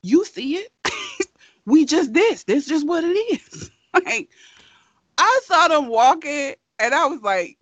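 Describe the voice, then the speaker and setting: A woman's voice: sits high, very animated, takes it slowly, long pauses, a bit bright, no echo. A woman in a casual chat who gushes with admiration, laughs often and swears now and then.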